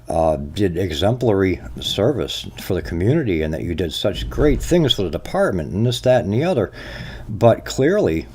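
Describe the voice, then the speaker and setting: Low-voiced man ranting solo. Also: a little mellow, breathy edge. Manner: ranting, repeatedly asks "okay?". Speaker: podcast host. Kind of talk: solo commentary rant.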